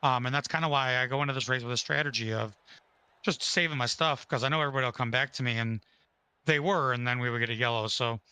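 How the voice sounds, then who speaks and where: A man who races sim cars, hoarse from losing his voice, talking matter-of-factly and a bit self-deprecating after a race, on a headset mic. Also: medium pitch, sharp tone, no room sound, low-quality recording. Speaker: sim racing driver. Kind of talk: casual post-race interview.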